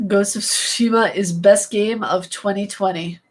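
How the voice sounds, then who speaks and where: A woman's voice: medium pitch, fairly even intonation, moderate pace, background noise. A woman gaming streamer chatting casually and playfully with her live viewers, jumping from topic to topic.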